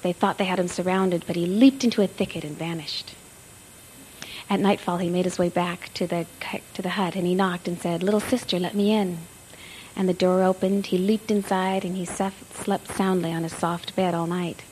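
A woman reading a fairy tale aloud in a gentle storybook manner, with small slips and restarts. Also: lowish voice, fairly even intonation, moderate pace, slight background noise, rough recording.

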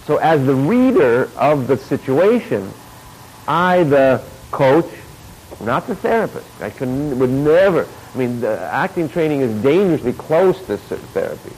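Guy coaching actors, lively lecture, jumps way up in pitch acting stuff out, lots of noise behind him. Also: a little slow. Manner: animated, acts out his own and students' replies in sudden high bursts. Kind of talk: informal lecture on acting training. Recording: noisy recording with steady background noise.

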